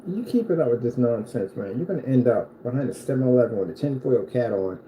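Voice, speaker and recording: A man's voice: medium pitch, animated, fast talker, warm tone, a little hiss or hum, low-quality recording. A man who sells screen paint, delivering a heated, mocking reaction rant at a rival. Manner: mocking, combative.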